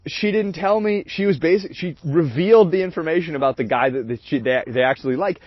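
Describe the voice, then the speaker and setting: A man with a fairly high voice hosts a stream and tells a story a little fast, candid and rambling with plenty of profanity and laughter. It's captured in a dry, dull lo-fi recording.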